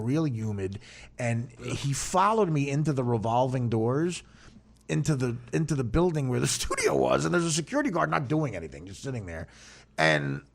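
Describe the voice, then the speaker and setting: Gravelly man telling rambling stories. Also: mid-range voice. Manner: rambling, self-mocking, stammering restarts. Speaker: podcast host. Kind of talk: casual storytelling chat.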